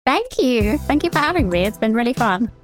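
A woman's voice: fairly high pitch, big pitch swings, soft background music. Articulate southern English woman historian. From England. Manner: articulate, measured, lightly amused. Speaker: historian guest. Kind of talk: interview answers.

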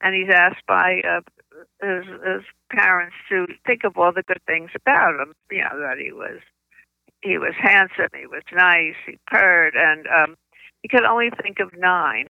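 An older woman, a children's book author, telling stories in an interview, with halting speech and frequent restarts, on slightly muffled lo-fi audio. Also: fairly low pitch, gravelly, no room sound. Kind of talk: conversational interview storytelling.

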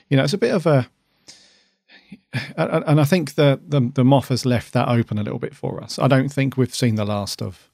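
A man's voice: medium pitch, vocal fry, warm tone, dry recording, studio quality. A man co-hosting a casual podcast review, talking earnestly and at length about what moved him. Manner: earnest, emotional, rambling. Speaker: podcast co-host.

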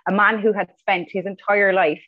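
A woman's voice: medium pitch, steady tone, normal speed, phone-quality sound. An Irish woman co-hosting a history podcast, talking earnestly and repeating words as she starts a thought. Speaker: podcast co-host. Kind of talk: casual history podcast chat.

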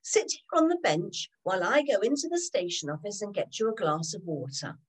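A woman voicing a kindly male train conductor who speaks gently and reassuringly. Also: mid-range voice, animated, fairly quick, breathy edge.

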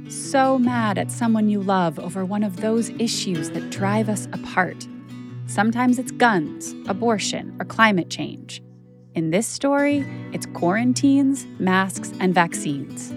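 A woman's voice: mid-range voice, lively intonation, takes it slowly, over music. A woman journalist telling a personal story as a podcast narrator, candid and conversational with frequent "like" fillers.

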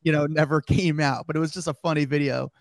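A male podcast co-host who worked as a paparazzo tells stories with animated energy and keeps breaking into laughter. His voice sits slightly high and the sound is dry and close. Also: quick pace, no room sound. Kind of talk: casual podcast storytelling.

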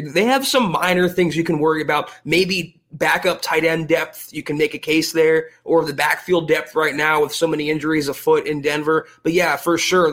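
A man co-hosting a sports podcast as a reporter, giving measured analysis in casual talk. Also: on the high side, a bit bright.

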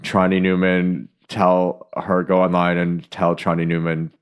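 A man co-hosts a podcast in loose, comedic conversation. He rambles with restarts and wry, self-deprecating jokes. His voice sits a little low. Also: completely flat delivery, a little slow, smooth. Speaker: podcast co-host. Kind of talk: casual comedic chat.

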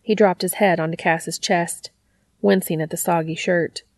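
A woman reading fiction aloud as a narrator, in a steady, even way. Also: on the low side, normal speed, no echo. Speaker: audiobook reader.

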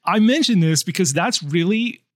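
Animated man talking movies. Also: high-pitched, normal speed, no echo. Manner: animated, many restarts and "like" fillers. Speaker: film podcast co-host. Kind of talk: casual film discussion.

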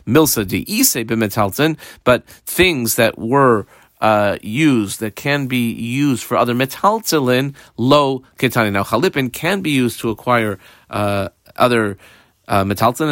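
A man's voice: medium pitch, a bit bright, no echo, clean studio sound. Man walking through a Talmud lesson. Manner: explains step by step, mixes in Hebrew and Aramaic terms; calls out punctuation marks as he reads. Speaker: Talmud teacher. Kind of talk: daily page Talmud lesson.

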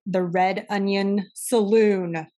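A woman's voice: medium pitch, fairly even intonation, slow, warm tone. A woman co-hosting a podcast in casual chat, talkative and swearing freely. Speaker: podcast co-host.

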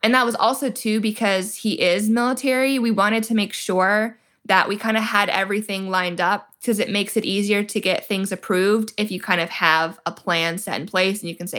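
A woman's voice: mid-range voice, moderate pace, fairly bright tone. A young woman, a military spouse guest on a podcast, telling her story animatedly and acting out quoted dialogue with lots of "like". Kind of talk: casual storytelling interview.

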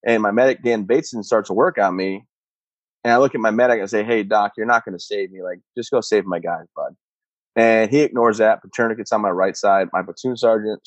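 Low-voiced man telling his story flatly. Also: no echo. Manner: matter-of-fact, steady. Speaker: interview guest, combat veteran. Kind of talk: personal storytelling. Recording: dull muffled sound, dry.

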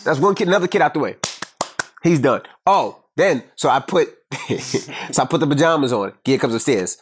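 A man co-hosting a podcast, telling a home story in an animated, profane way. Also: mid-range voice, normal speed, breathy edge. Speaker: podcast co-host. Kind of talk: casual storytelling chat.

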